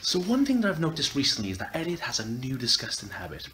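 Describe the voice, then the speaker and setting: A man's voice: medium pitch, wildly swooping pitch, fast talker. A young man with a British accent hosting a casual prank comedy video, laughing and exasperated. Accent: British English. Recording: noisy handheld camera audio.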